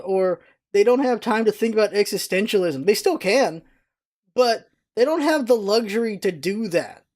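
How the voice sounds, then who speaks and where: A vlogger in their thirties talking casually and at length, meandering from one thought to the next with frequent restarts. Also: a little mellow. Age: 30s. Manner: chatty and meandering, with frequent restarts and jumps in pitch. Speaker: vlog host. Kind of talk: casual rambling vlog talk.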